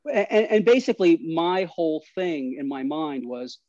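Animated New man telling stories. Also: a little high, normal speed, no echo. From New York. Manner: animated, restarts, laughs mid-story. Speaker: podcast guest. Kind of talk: casual storytelling. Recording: slightly dull dry recording.

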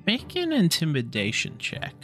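A man's voice: on the high side, huge pitch swings, moderate pace, fairly bright tone, faint music behind. A man narrating as game master of a tabletop game, in a laid-back, casual way with filler words.

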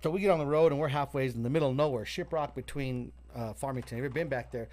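A man telling a story on a casual podcast, animated and profane, acting out the voices of the people in it. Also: mid-range voice, rapid-fire.

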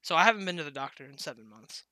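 Bright-voiced laughing young man. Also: fairly high pitch, very fast, no echo. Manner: laughs often, swears freely, rambling. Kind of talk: casual podcast chat.

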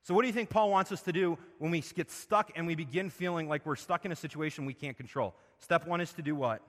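A man preaching a sermon, asking his listeners questions and swinging between loud emphasis and quiet, low passages. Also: fast talker, long reverb tail. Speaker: pastor.

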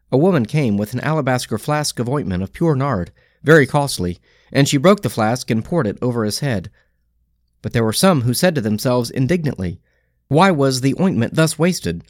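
A man reading scripture aloud in a slow, measured liturgical style, pausing phrase by phrase. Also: medium pitch, no echo, studio quality. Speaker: scripture reader.

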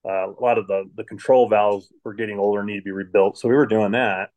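A middle-aged man from Michigan talks in a somewhat low voice, easygoing and unhurried. He rambles through anecdotes about his jobs as a podcast guest, circling back and restarting his sentences as he goes. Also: fairly even intonation, a little mellow, lo-fi sound. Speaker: podcast guest, water plant manager. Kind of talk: casual storytelling interview.

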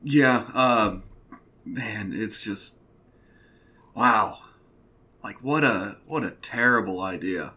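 A young man co-hosting a casual podcast, animated, swearing freely and laughing often. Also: fairly low pitch, takes it slowly, pauses often. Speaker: podcast co-host.

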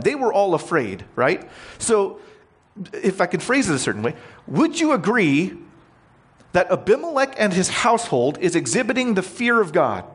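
A man's voice: sits high, very animated, normal speed, slightly rough. A male preacher working through a scripture passage in a conversational sermon. He explains it plainly and puts questions to his listeners.

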